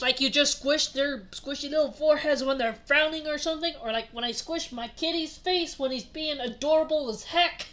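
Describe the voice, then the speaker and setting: A woman's voice: high-pitched, brisk, hardly any pauses, fairly bright tone. Giggly woman reading with sarcastic asides. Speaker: reader. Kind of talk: reading a fanfic aloud with commentary.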